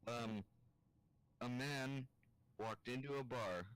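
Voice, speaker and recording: A man's voice: mid-range voice, takes it slowly, clear, resonant tone, no echo, rough recording. A tired young man in his bedroom late at night, rambling through improvised crude jokes and cracking up at himself. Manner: giggly, loses it laughing at his own jokes. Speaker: vlogger telling improvised jokes.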